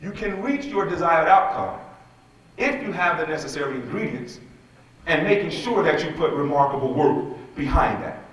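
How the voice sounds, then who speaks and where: A man with a fairly high voice tells an animated story as a keynote speaker, often turning to the audience directly. His voice rings with heavy hall echo and comes from some distance off the mic. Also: moderate pace. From West Side Chicago. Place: large conference hall. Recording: echoey hall, voice from far off the mic.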